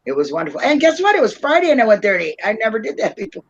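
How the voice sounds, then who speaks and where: A woman's voice: a little high, sing-song, rapid-fire, dull audio, background noise. A woman hosting a casual livestream chat, tipsy from wine, rambling and laughing often. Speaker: livestream host.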